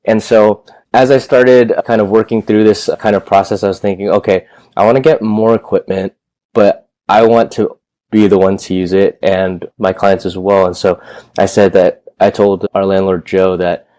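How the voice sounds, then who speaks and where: A man's voice: fairly low pitch, level tone, normal speed, dark tone, no echo. A man in his thirties, a gym owner telling his story in a loose, rambling way, with casual swearing. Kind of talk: casual interview chat.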